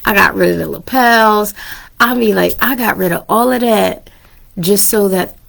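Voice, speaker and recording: Candid woman podcast host, gravelly edge. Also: mid-range voice, normal speed, fairly bright tone. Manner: chatty, candid, laughs often. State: under the weather, coughing. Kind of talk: casual chat. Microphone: microphone turned down low.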